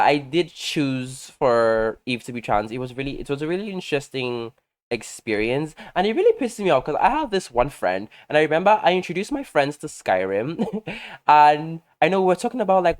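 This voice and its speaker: Sassy, animated young man gossiping. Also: on the high side, brisk. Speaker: game content creator. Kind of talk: casual chatty storytelling over gameplay.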